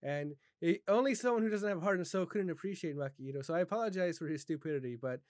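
A man's voice: a little high, quick pace, a little mellow, dry recording, clean studio sound. A man hosting a casual wrestling chat, playful and teasing, sometimes mock-mournful. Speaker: podcast host.

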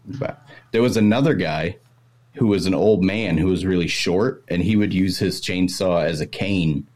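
Deep-voiced Maine man, casual storyteller. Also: moderate pace, darkish tone. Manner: laid-back storyteller who slips into an exaggerated old-timer accent for impressions. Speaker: podcast host. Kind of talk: casual chat.

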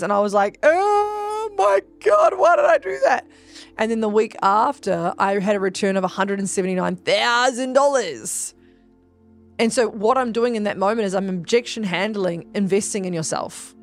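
A woman hosting a podcast as a spiritual business coach, in a casual motivational monologue, emphatic and chatty, swearing freely and calling her listeners "guys". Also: medium pitch.

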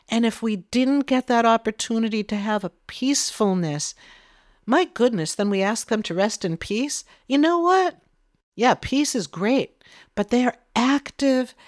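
Middle-aged woman medium, soft soothing meditation guide, dry close sound. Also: on the high side, dry recording. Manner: gentle, soothing guidance. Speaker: spiritual medium.

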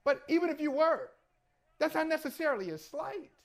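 A man's voice: extremely high pitch, sing-song, fairly quick. A man co-hosting a sports talk show, talking casually in a reflective, conversational and agreeable way. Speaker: sports podcast co-host. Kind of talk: casual chat.

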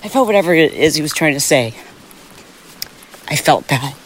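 A woman's voice: sits low, a little slow, slight background noise. A middle-aged woman hosting a solo podcast outdoors, talking in a candid, rambling and emphatic way. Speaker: podcast host. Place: outdoors on a rainy ocean sidewalk.

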